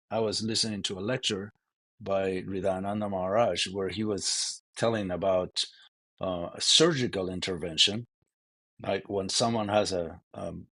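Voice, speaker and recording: A man's voice: deep voice, a bit bright, no echo. A man giving a devotional scripture lecture in a loose, conversational way, often saying "you know". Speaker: scripture class speaker.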